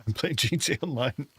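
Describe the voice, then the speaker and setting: A man's voice: mid-range voice, fairly bright tone, a little hiss or hum. An English man chatting casually with viewers while livestreaming a hunting game, often calling them mate. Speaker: gaming livestreamer.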